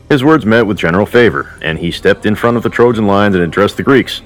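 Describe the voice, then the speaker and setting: A man's voice: on the low side, fast talker, hardly any pauses, soft background music. A man casually retelling a myth as a storyteller, with offhand conversational asides.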